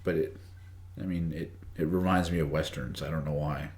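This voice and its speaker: His voice is extremely low and a little mellow, with a steady tone and normal speed, as he teaches English idioms in a casual live stream. Chatty, he greets viewers by name and reads the chat aloud; the recording has an echoey room sound.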